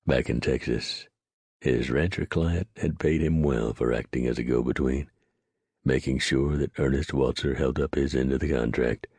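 Deep gravelly guy reading an audiobook, husky, dry sound. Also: no room sound. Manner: steady, measured storytelling. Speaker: audiobook narrator. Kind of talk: scripted narration.

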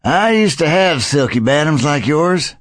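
Gentle, welcoming old grandfather, a man performing him, lively inflection. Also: on the high side, a little slow, no echo, studio quality, pitched above the performer's own voice. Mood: kindly. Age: older. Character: kindly hospitable grandfather who keeps animals. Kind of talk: audiobook character voice.

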